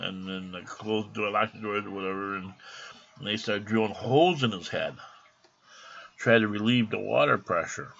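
A man's voice: on the low side, gravelly, a bit bright. A man telling a personal story in a rambling, indignant way with plenty of swearing. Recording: dull lo-fi recording.

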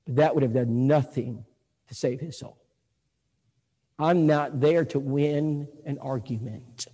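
Folksy preacher in an echoey hall. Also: male voice, medium pitch, slow, slightly rough. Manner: folksy, animated storytelling, acts out voices. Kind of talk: sermon with storytelling. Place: church auditorium.

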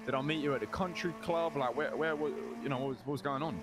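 A man's voice: on the high side, quick pace, noisy background. A man doing in-character game roleplay, cheeky and bantering. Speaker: roleplay gamer playing a driver.

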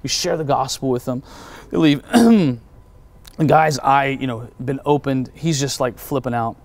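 A man's voice: mid-range voice, unhurried, no room sound. A middle-aged man, a pastor, animatedly telling a story as a guest in an interview and acting out what people said. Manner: animated storyteller who acts out quotes.

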